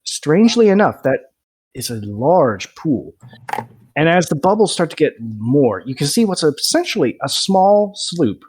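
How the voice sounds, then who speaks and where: A man's voice: a little high, breathy edge. A young man runs a tabletop game, his voice swinging widely up and down as he narrates. He laughs easily and talks casually with his players. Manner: lively, laughs often. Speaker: game master.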